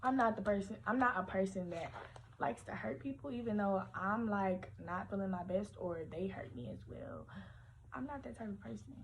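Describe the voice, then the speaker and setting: A young woman telling a story from her teens on a casual livestream, animated, slangy and full of profanity. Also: mid-range voice, normal speed, slight background noise.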